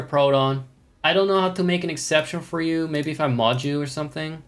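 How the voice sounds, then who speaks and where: A man's voice: fairly high pitch, brisk. A man streaming a video game, chatting with viewers in a rambling, wry way, swearing and putting on mock-imperious airs. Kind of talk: casual gameplay chat with viewers.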